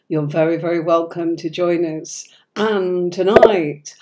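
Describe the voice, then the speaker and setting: Woman, hoarse from a cold, unhurried, lowish voice, chatty live-stream host. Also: steady tone. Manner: chatty and affectionate, fussing with software while talking. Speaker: tarot reader hosting a live stream.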